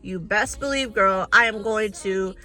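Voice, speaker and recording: A woman's voice: medium pitch, a little slow, sharp tone, faint music behind. A young woman telling a storytime vlog to her viewers, chatty and exasperated, calling them y'all and girl. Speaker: storytime vlogger.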